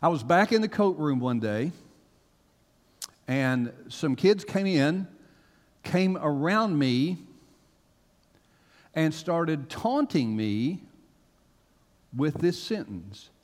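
A man preaching a sermon to a congregation, telling stories with animated swings from hushed to loud. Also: on the high side, takes it slowly, long pauses. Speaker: pastor. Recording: long reverb of a large hall.

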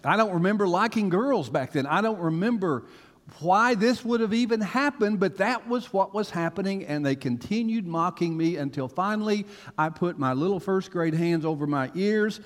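A man preaching a sermon to a congregation, telling stories with animated swings from hushed to loud. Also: sits high, normal speed. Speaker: pastor. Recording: long reverb of a large hall.

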